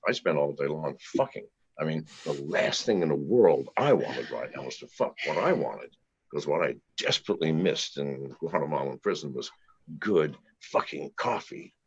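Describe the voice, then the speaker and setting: Very deep husky man telling profane stories. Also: lively intonation, normal speed, lo-fi sound. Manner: profane, rambling anecdotes with chuckles. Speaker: interview guest. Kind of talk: storytelling in casual conversation.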